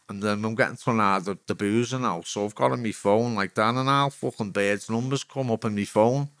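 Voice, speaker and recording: A man's voice: mid-range voice, a bit bright, dry recording, clean studio sound. Swearing Liverpool man telling stories. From Liverpool, England. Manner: rambling, heavy swearing, frank. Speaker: guest, former footballer. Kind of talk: candid storytelling.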